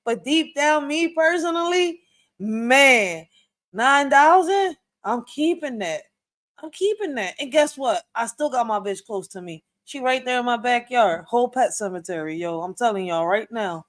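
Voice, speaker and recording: A woman's voice: fairly high pitch, animated, normal speed, a bit bright. A woman hosting a reaction video, chatting in a slangy, casual way straight to her viewers.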